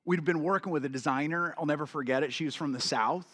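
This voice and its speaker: A man's voice: a little high, fast talker, a bit bright. A man giving a motivational keynote talk, telling a personal story to the audience and acting out the voices of the people in it. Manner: storytelling, acts out quoted voices, addresses audience. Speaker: keynote speaker and coach. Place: large event hall with audience. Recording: long reverb of a large hall.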